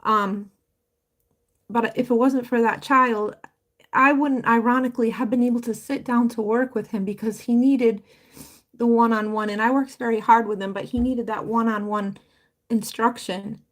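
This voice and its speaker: A woman's voice: fairly high pitch, steady tone, moderate pace. A woman talking casually on a live stream about her home business, rambling and heartfelt with many fillers and restarts, her voice wavering with emotion. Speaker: livestreamer promoting a home business.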